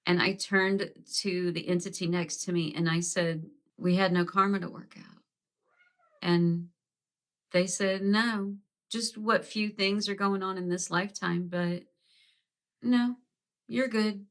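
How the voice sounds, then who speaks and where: A woman's voice: mid-range voice, fairly even intonation, takes it slowly. A woman vlogger telling a personal story in a candid, conversational way, casually swearing and acting out what she said at the time. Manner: reenacts her own quoted words.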